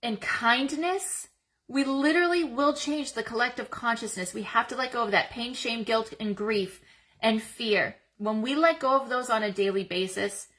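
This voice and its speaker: Woman, 30s-40s, self-help host; bright, slightly high voice, earnest and encouraging delivery straight to camera. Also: normal speed. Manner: earnest, encouraging, addresses viewers as guys. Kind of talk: motivational talk to camera.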